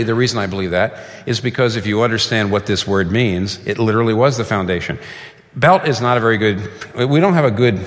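A man preaching a sermon as a pastor, talking animatedly and acting out quoted voices with big jumps in pitch. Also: a bit bright, long reverb tail.

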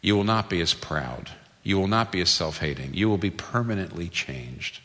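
A man preaches to a congregation, earnest and emphatic, restarting phrases as he presses his point. His voice is somewhat low yet bright and forceful. The sound carries the long reverb of a large hall. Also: animated, normal speed. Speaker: pastor. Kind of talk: sermon.

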